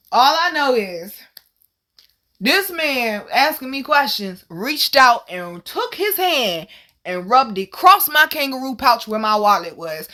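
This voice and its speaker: Animated, profane woman telling a story. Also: on the high side. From Virginia, USA. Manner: animated, profane, laughing, acts out the people in her story. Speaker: channel host telling a personal story. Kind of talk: casual storytelling.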